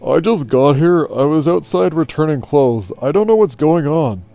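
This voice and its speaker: A man's voice: fairly high pitch, lively intonation, moderate pace, gravelly, dark tone, no room sound, faint music behind, pitched above the performer's own voice. Dude doing a flustered store attendant lady, defensive, a bit raised. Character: flustered female store fitting-room attendant.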